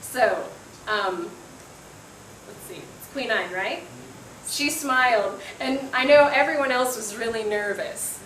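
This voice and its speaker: A woman's voice: fairly high pitch, takes it slowly, fairly bright tone. A woman English teacher gives spoken feedback to a class, encouraging, with frequent ums and small laughs. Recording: echoey room, faint room noise.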